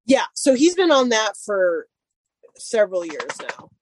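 A woman's voice: a little high, very animated, a little slow, a little hiss or hum. A woman chatting casually and telling a long story about her dogs, full of "like" fillers. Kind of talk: casual chat.

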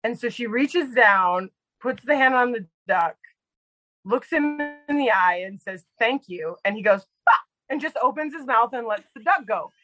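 A woman guest telling casual stories in an animated way, full of quoted dialogue and fillers. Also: on the high side, normal speed, low-quality recording. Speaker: guest storyteller. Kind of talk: casual storytelling.

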